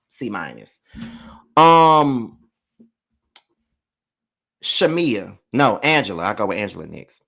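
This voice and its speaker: A man's voice: mid-range voice, a bit bright. Chatty guy giving his blunt take on a reality show, lots of ums, mid-range voice. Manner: loose and chatty, hands out grades with frequent ums; blunt, candid opinions. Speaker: reality TV reviewer. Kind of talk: casual live review commentary.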